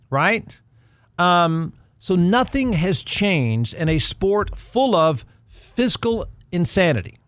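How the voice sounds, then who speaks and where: Snarky, high-voiced male sports host. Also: sing-song, slow pace, a bit bright, no echo, studio quality. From Texas. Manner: snarky, sarcastic. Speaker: podcast host. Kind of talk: sports commentary.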